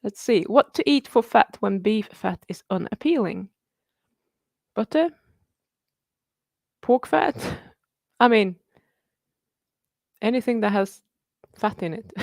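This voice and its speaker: A woman in her thirties chats her way through viewer questions on a live stream, upbeat, quick to laugh and casually profane. Her mid-pitched voice carries a gravelly, fry-tinged edge. The sound is close and dry, with no room around it. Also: no echo. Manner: chatty and upbeat, laughs often, swears casually. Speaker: livestream host answering viewer questions.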